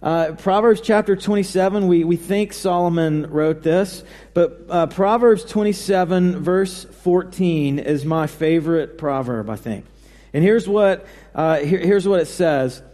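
Male preacher, mellow tone, informal sermon delivery with hesitations; recorded with long hall reverb. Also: high voice. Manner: conversational, halting with fillers and restarts. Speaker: pastor.

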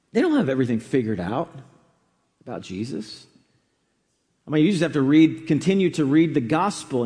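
A man with a high voice preaches in an easy, conversational way, often pausing with fillers and restarting phrases. His voice carries a long reverb, as if recorded in a large hall. The delivery is unhurried and explanatory. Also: darkish tone. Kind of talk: sermon.

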